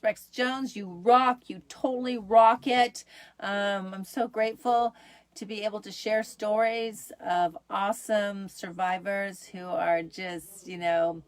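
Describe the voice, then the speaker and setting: A woman's voice: medium pitch, no room sound. A middle-aged woman hosting her own show, talking in an upbeat, chatty way with lots of fillers. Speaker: host. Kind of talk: casual solo show.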